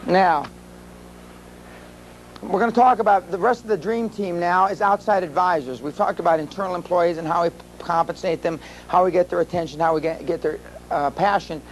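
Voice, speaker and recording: A high-pitched older man from the United States addresses a seminar crowd. He tells his stories bluntly and with some profanity. A faint hum runs under the recording. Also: moderate pace, poor audio. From USA. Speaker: seminar speaker. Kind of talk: live seminar talk.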